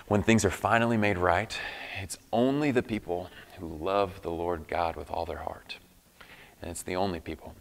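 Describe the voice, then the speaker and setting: Male pastor, low-pitched, delivering a heartfelt, emphatic sermon in a reverberant church hall. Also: a bit bright. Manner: earnest, emphatic, with frequent restarts.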